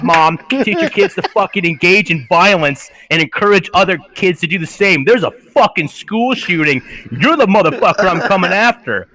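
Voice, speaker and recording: A man hosting a casual podcast, ranting and swearing freely. His voice is bright and somewhat high for a man, with an edge of heat to it. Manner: profane, ranting. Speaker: podcast host. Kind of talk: casual chat.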